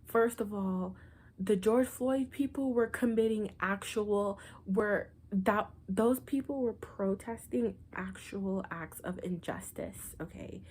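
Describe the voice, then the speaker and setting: A woman's voice: medium pitch, slow, darkish tone, breathy edge. A woman ranting to camera in a blunt, profane, sarcastic way, full of exasperation. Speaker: vlogger. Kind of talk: political rant to camera.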